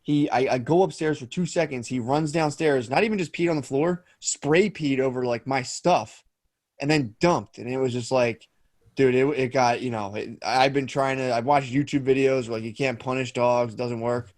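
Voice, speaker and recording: A man's voice: medium pitch, normal speed, a little mellow, dry recording, clean studio sound. A man co-hosting a podcast, telling rambling, profane stories in casual chat with lots of restarts. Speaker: podcast co-host.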